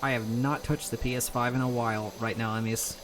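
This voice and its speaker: A man's voice: medium pitch, steady tone, fairly quick, background noise. A man streaming a video game, chatting casually in a rambling, self-mocking way and laughing often. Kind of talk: casual chat while gaming.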